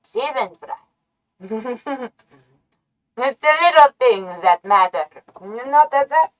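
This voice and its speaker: A woman streamer doing chaotic ASMR trolling, playful and nonsensical, swinging from soft murmurs to sudden shouts. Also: fairly high pitch, animated, a little slow, rough recording.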